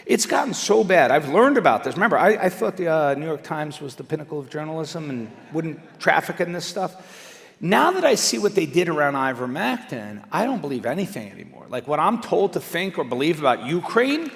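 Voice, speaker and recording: A middle-aged man giving an animated, conversational public speech, swinging between loud emphatic bursts and quiet asides. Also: on the high side, a little fast, gravelly. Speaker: speaker at a live event. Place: large indoor venue. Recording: reverberant hall.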